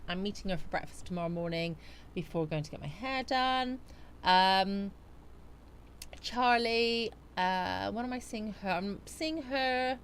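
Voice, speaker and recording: A woman's voice: lowish voice, slight background noise. A woman livestreaming a casual chat, rambling with lots of ums as she reads out viewer comments. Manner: chatty and rambling, with many ums.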